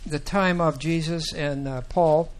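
A man teaching a Bible class, talking slowly and haltingly with many fillers and restarts. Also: fairly high pitch, steady tone. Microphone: microphone that sometimes cuts out.

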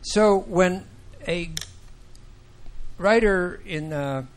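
A man teaching a Bible class, talking slowly and haltingly with many fillers and restarts. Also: sits high, slight background noise. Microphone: microphone that sometimes cuts out.

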